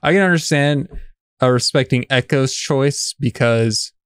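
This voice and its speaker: A man's voice: medium pitch, measured pace, clear, resonant tone, no room sound, studio quality. A man co-hosting a casual chat about a TV episode, talking in an easy way with many fillers and restarts. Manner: even, relaxed, lots of fillers and restarts. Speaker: podcast co-host.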